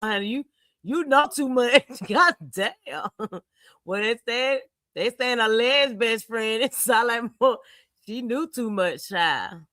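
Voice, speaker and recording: A woman's voice: a little high, slow pace, bright, forceful tone, dry recording. A woman hosting a livestream, giving blunt, slangy commentary on a case and often breaking into laughter. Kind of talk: casual reaction commentary.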